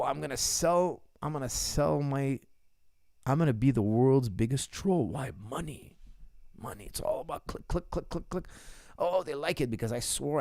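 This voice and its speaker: A man's voice: medium pitch, gravelly, darkish tone, dry recording, studio quality. A man in his forties, a martial arts coach answering viewer questions in a casual livestream, blunt and emphatic, repeating his key points. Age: 40s.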